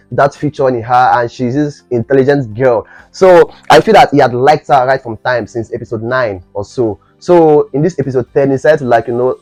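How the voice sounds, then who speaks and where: A man's voice: mid-range voice, darkish tone, no echo. A young man from Nigeria, casually reviewing a series episode and rambling with many fillers and restarts.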